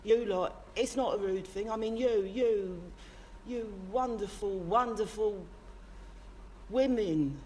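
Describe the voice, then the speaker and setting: A woman with a medium-pitched, mellow voice speaks slowly in a comic character monologue to camera, playing a brash, sweary working-class London man with a London accent. The impassioned rant rambles on, and her natural voice is recorded with a little hiss or hum.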